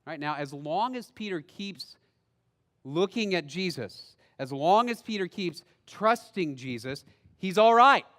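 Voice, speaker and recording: High-voiced male pastor in a reverberant hall. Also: expressive. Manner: storytelling, swinging from loud outbursts to hushed, slow phrases. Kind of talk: sermon. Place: church sanctuary.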